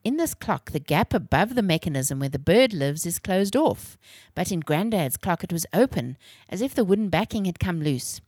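A woman reading a calm, thoughtful dad. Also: lowish voice, moderate pace, breathy edge, no echo, studio quality. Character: thoughtful father explaining calmly.

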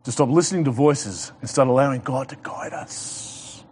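A man's voice: medium pitch, normal speed, darkish tone, breathy edge. A male pastor preaching a sermon, repeating his key points, asking the congregation questions and building to urgent exhortation.

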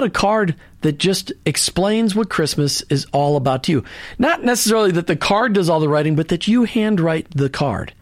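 A man's voice: high-pitched, sing-song, fairly quick, dry recording. A man hosting a Christian radio talk show, speaking earnestly in a preachy way, with many restarts and asides into a studio microphone.

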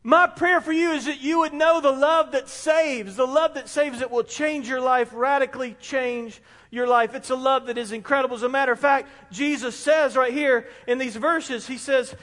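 Excitable preacher in a reverberant hall. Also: male voice, extremely high pitch, normal speed, hardly any pauses. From South Carolina. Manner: animated, excitable preaching with repetition. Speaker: pastor. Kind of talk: sermon. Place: church sanctuary. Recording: long reverb in a large hall.

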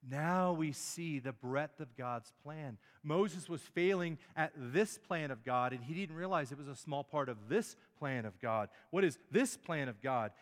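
Male pastor mid-sermon, emphatic and questioning, slightly raised pitch, in a reverberant church hall. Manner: emphatic, rhetorical questions, stumbles on words.

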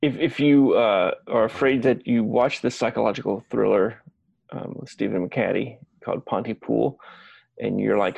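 A man's voice: fairly low pitch, normal speed, creaky, darkish tone, husky, no echo, highs cut off. A man co-hosting a podcast, chatting casually and recommending films with small stammers. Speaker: podcast co-host. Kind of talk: casual chat.

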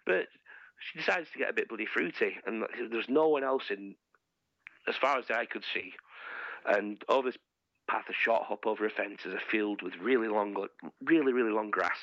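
A man's voice: lowish voice, lively intonation, normal speed, fairly bright tone, dry recording. A man telling a bawdy, sweary story in casual chat, laughing as he goes, on dull lo-fi podcast audio.

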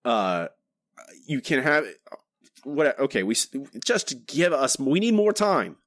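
A man's voice: mid-range voice, a little slow, no echo, clean studio sound. A man co-hosting a podcast, talking casually and rambling with frequent restarts. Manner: rambling, many restarts, animated. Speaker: podcast co-host.

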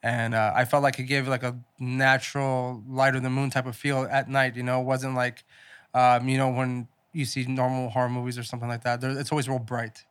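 A man's voice: medium pitch, level tone, a little fast, fairly bright tone, smooth. A man casually reviewing a film as podcast co-host, rambling with lots of filler words and some swearing. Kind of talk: casual movie review chat.

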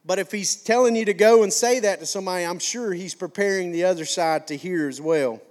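Folksy high-voiced man preaching. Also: brisk. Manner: folksy, conversational preaching with repetition. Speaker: pastor. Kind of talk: sermon.

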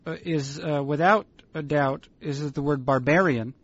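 A man co-hosting a casual chat, rambling and halting, amused at his own stories. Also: a little high, a bit bright, dry recording, highs cut off. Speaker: podcast co-host.

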